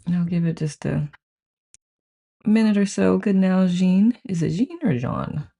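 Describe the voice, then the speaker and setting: Gravelly, mellow live-stream host. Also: medium pitch, normal speed. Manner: greets each viewer by name and reads the chat aloud; chatty, gushing, frequent "I love it". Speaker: host of a live book-study group. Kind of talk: casual live-stream chat.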